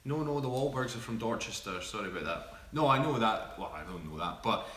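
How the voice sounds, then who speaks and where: A man's voice: fairly low pitch, lively intonation, brisk, a bit bright, recorded from a distance. A man co-hosting a casual live Q&A, playfully reading out viewer questions. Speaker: co-host. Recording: echoey room with faint ambience.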